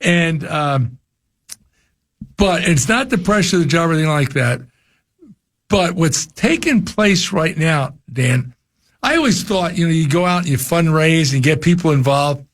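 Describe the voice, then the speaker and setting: Older man talking sports radio, lively. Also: fairly high pitch. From New Jersey. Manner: rambling, repeats words when starting thoughts. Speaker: former college football coach, guest. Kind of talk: casual radio sports talk.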